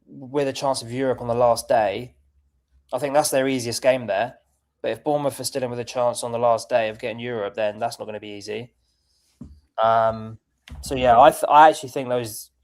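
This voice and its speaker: Man, co-host, casual football chat, measured, thinking aloud. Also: mid-range voice, darkish tone.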